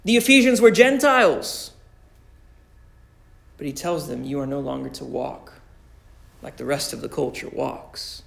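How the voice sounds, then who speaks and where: A man preaching a sermon with slow, deliberate emphasis, repeating key phrases. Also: on the high side, vocal fry, fairly bright tone. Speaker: pastor.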